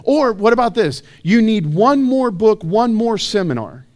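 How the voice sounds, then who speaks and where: Conversational male pastor, slightly high voice. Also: big pitch swings, a little slow, a little mellow. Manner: conversational, self-deprecating, rhetorical questions. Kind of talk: sermon. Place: church.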